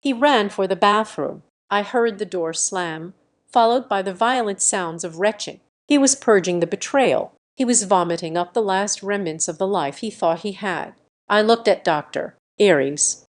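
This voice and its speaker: A woman reading a dramatic first-person family story as scripted narration, in a steady reading manner. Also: mid-range voice, measured pace.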